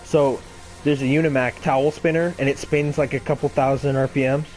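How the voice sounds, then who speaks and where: A man in his 20s who runs a gaming channel tells a rambling, casual story in a brisk, steady, mid-range voice that's a little mellow. Faint music plays behind him as he swears freely and laughs at himself.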